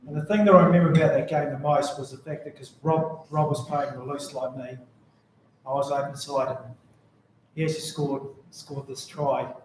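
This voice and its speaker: A man's voice: fairly high pitch, steady tone, moderate pace, a little hiss or hum. A man with a New Zealand accent gives a memorial speech full of rambling, jokey anecdotes about a friend. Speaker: mourner giving a tribute. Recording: very echoey room.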